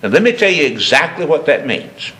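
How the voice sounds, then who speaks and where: A man preaching a sermon with passion, repeating phrases for emphasis and climbing from low murmurs to high, ringing cries. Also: sing-song, a little fast, pushed and bright.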